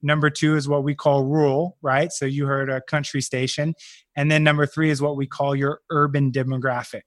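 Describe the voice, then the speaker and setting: A man with a slightly high speaking voice talks through his business as a podcast guest. He sounds confident and orderly, laying things out point by point, recorded dry and close. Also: level tone, moderate pace, no room sound. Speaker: real estate investor guest. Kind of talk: podcast interview.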